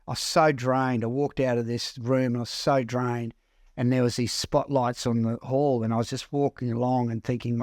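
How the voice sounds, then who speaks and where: Aussie guy telling his own story, earnest and halting, lots of restarts, dry close sound, mid pitch. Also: a little mellow, dry recording. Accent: Australian. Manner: earnest, halting, repeats words. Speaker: counsellor and mentor. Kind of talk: personal story told to camera.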